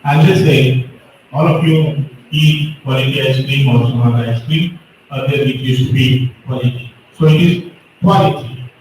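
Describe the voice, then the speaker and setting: A man's voice: medium pitch, steady tone, darkish tone, slight background noise. A man, judging a speech competition and correcting students' pronunciation. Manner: slow, explains pronunciation rules. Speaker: competition judge. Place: school hall. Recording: echoey hall, from far off.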